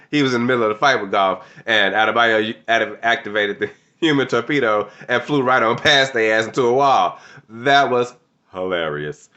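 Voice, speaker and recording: A man casually recapping a TV episode, excitable and slangy, laughing often. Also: lowish voice, dull audio. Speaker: TV show reviewer.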